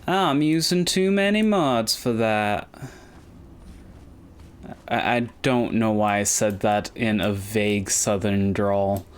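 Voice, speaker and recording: A man's voice: on the low side, slow pace, clear, resonant tone. A man giving casual, rambling commentary while streaming a game, thinking aloud and humming to himself.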